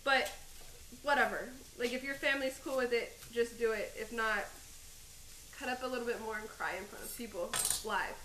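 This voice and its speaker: Bright high-pitched lady cooking live in an echoey kitchen, rambly, food sizzling behind. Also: moderate pace, slight background noise. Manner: chatty and rambling, laughing at herself. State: teary from cutting onions. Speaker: cooking show host. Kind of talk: live cooking stream chat. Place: home kitchen.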